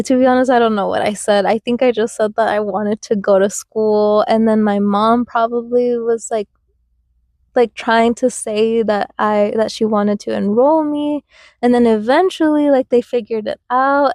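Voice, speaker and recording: A woman's voice: on the high side, steady tone, moderate pace, a little mellow, no echo, clean studio sound. A young woman hosting a podcast, telling personal stories in a rambling way with many fillers and restarts. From United States, Mexican family. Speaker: podcast host. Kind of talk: casual reflective storytelling.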